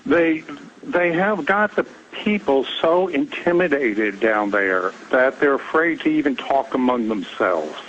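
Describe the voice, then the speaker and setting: A man calling into a radio show, reporting in a hesitant, halting way. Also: medium pitch, expressive, a bit bright, dull audio, slight background noise. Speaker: caller reporting. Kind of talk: phone call-in.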